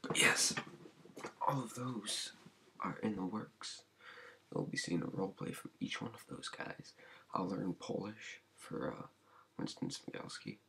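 A man hosting an ASMR channel, rambling in a halting way with many fillers, often dropping into a whisper. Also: lowish voice, lively intonation, gravelly, bright, forceful tone, slight background noise. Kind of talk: soft-spoken ASMR channel update.

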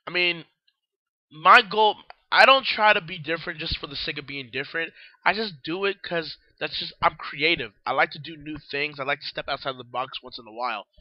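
The host is a young man on a casual one-person newscast, worn out and groggy, rambling while he eats and drinks. His voice is a little high and brisk, with no echo and the highs cut off.

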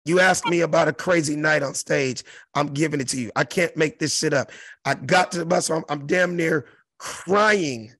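A middle-aged man from South Central Los Angeles spins a profane stage story with a high, gravelly voice. He leans hard on every word and acts out the crowd around him. The sound is dry and close. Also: normal speed, a bit bright, dry recording. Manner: profane, emphatic, mimics crowd noises. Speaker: interview guest, comedian. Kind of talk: animated storytelling.

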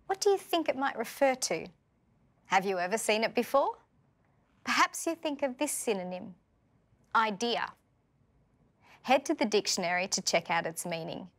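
A woman with an Australian accent teaching a scripted vocabulary lesson, speaking clearly and patiently and putting questions to learners. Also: on the high side, animated, moderate pace, pauses often, fairly bright tone.

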